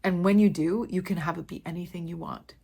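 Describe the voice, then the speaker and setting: A woman's voice: fairly low pitch, steady tone, fairly quick, creaky, dark tone, breathy edge. Earnest woman giving a motivational talk. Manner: earnest, repeats key phrases for emphasis. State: emotional, close to tears. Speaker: fitness coach. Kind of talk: heartfelt motivational talk to camera.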